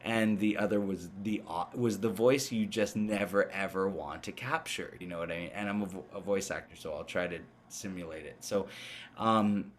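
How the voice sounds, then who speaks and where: Male guest in his thirties, lowish voice, rambling casual storyteller, many restarts. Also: normal speed, a little hiss or hum. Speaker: guest, amateur paranormal investigator.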